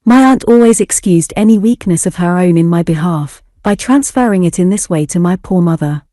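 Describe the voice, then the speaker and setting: A woman narrating an audiobook story for English learners in a steady, clear reading. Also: lowish voice, fairly quick, few pauses, no echo, studio quality.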